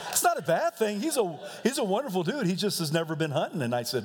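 A man's voice: high-pitched, big pitch swings, quick pace, few pauses. A male pastor preaching a sermon in a church, talking in a loose, conversational way and often laughing between his points. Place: church sanctuary. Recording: reverberant church hall.

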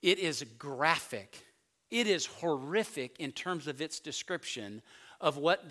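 A male pastor delivers a sermon in a high, bright voice. His pitch leaps and falls as he acts out the disciples' words. At key points he sinks to a near whisper. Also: expressive, slow pace.

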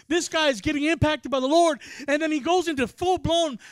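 High-pitched guy preaching, tells stories animated, dry close sound. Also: fairly quick, no room sound. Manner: animated storyteller, acts out quoted voices. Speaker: pastor. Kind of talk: sermon storytelling.

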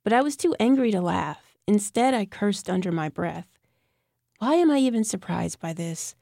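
A woman's voice: medium pitch, lively intonation, moderate pace, creaky, warm tone, dry recording, clean studio sound. A young adult woman reading a first-person novel aloud, with a tense, bitter inner voice. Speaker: audiobook narrator. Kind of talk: scripted first-person narration.

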